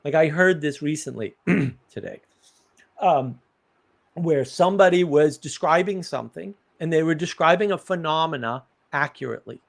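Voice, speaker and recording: Guy doing a live stream, kinda high voice, talks stuff through casually with examples. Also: normal speed, creaky. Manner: thoughtful, explaining with examples.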